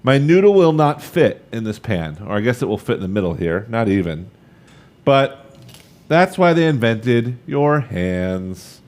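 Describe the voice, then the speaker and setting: A man's voice: mid-range voice, big pitch swings, unhurried, darkish tone. A man in his thirties leading a live cooking demonstration, chatty and upbeat, talking straight to the viewers as he works. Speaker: cooking instructor.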